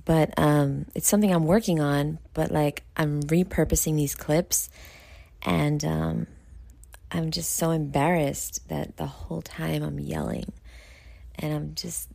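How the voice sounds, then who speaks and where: A young woman, talking late at night about herself in a candid vlog, loud and excitable, with many fillers, sounding tired. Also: low-pitched, unhurried, creaky, dry recording. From New York. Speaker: podcast host. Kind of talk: candid self-talk vlog.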